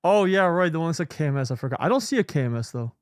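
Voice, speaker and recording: A man's voice: fairly high pitch, lively intonation, racing, dry recording, clean studio sound. A man hosting a live stream, talking casually and in a scattered, muttering way while sorting files, swearing freely now and then. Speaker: streamer host.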